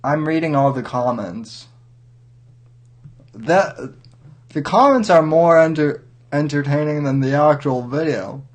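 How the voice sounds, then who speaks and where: A man hosting a livestream, giving rambling, wry commentary and halting with many restarts. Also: fairly high pitch. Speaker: livestream host.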